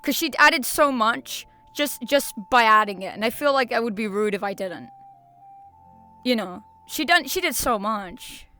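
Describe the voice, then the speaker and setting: A woman's voice: on the high side, animated, unhurried, pushed and bright, soft background music. A young woman streamer chatting casually to her viewers, rambling with restarts, slang and laughter. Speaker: VTuber streamer.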